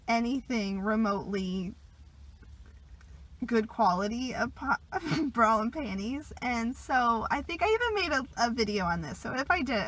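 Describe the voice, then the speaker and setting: Young woman, casual vlog, bright voice, a little high, chatty, laughs often, slightly sick. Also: slight background noise, low-quality recording. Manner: chatty, laughs often, trails off into soft asides. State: sick, a bit congested. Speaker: vlogger.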